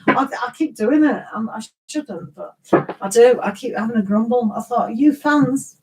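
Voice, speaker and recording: A woman's voice: on the high side, normal speed, mellow, low-quality recording. A middle-aged woman chatting casually with viewers as a tarot reader on a live stream, rambling and teasing with laughs.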